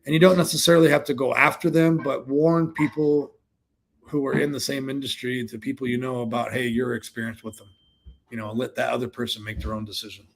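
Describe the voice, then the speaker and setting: A co-host of a real estate sales livestream casually coaches viewers on sales calls and answers their questions conversationally. His mid-range voice is brisk and fairly even in intonation, with some vocal fry.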